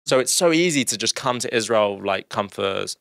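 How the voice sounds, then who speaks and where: A man's voice: on the low side, animated, brisk, gravelly, a bit bright, no echo, studio quality. A young British man, a comedian guest, chatting playfully on a podcast with lots of fillers and restarts. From United Kingdom. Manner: playful, rambling with many fillers. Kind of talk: casual podcast chat.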